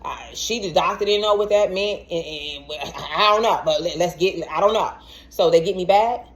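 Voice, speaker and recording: Animated woman telling a personal story. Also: on the low side, moderate pace. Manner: animated, acts out quoted voices, stammers and repeats words. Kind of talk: casual storytelling.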